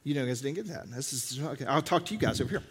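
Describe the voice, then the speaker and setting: A man's voice: mid-range voice, expressive, rapid-fire, big-room sound, very noisy. A man preaching a sermon in a church, talking conversationally and acting out the dialogue of biblical scenes. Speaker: pastor. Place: church sanctuary.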